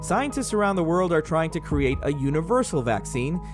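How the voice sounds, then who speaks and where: Man reporting over clear background music. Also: fairly high pitch, sing-song. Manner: measured explanatory narration.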